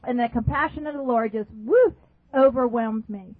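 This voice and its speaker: A woman delivers a sermon in a high voice, pressing her points by repeating them and asking the listeners questions. The sound is narrow and phone-like, with a dry, close feel and no room echo. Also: fairly quick, slightly rough. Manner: emphatic, repeats phrases, asks the audience questions. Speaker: preacher.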